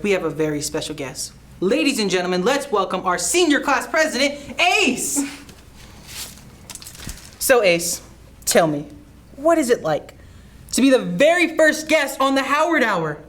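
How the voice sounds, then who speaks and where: An actor playing a vain young host of a school TV show, showy and self-adoring. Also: male voice, extremely high pitch, sing-song, a little slow, pauses often, a little hiss or hum, heavily acted. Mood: smarmy. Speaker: student TV host. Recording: echoey with loud crowd and music.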